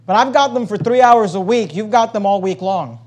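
A male pastor preaching a sermon, emphatic, swinging between loud and hushed and repeating phrases to drive his point home. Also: high-pitched, fairly quick.

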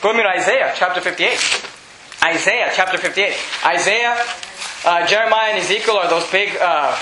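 A man preaching a fiery sermon as pastor, yelling and hammering points with repetition. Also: high-pitched, normal speed, reverberant, noisy background. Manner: loud, yelling, emphatic repetition. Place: church sanctuary.

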